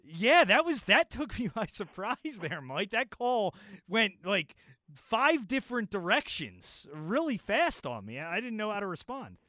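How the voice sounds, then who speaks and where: A man's voice: high voice, sing-song, a little slow, sharp tone, dry recording. A man hosting a call-in sports talk radio show in a casual, chatty way from a studio mic, often stumbling and repeating words. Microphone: studio microphone.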